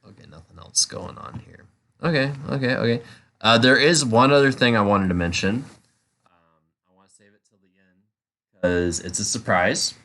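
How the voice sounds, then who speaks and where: A man's voice: on the low side, moderate pace, long pauses, sharp tone. A man co-hosting a casual movie chat show, laid-back and trailing off with fillers. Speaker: podcast co-host.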